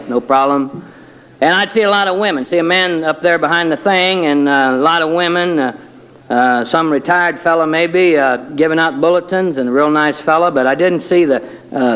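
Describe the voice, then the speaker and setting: A man's voice: a little high, normal speed, fairly bright tone, lo-fi sound. A man giving a personal testimony in a colloquial, self-deprecating storytelling way with wry humor.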